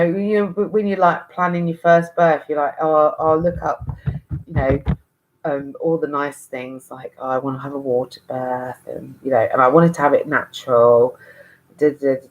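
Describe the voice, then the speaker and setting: A woman in her thirties vlogs to camera in a frank, rambling monologue, swearing and frequently restarting her sentences. Her voice is low, and the audio sounds dull.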